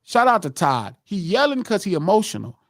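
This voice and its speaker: A middle-aged man hosts a live podcast in a heated, profane lecture. His voice sits high and leaps up and down with great animation. The sound is dry and close. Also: sing-song, brisk, fairly bright tone, no room sound. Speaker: podcast host.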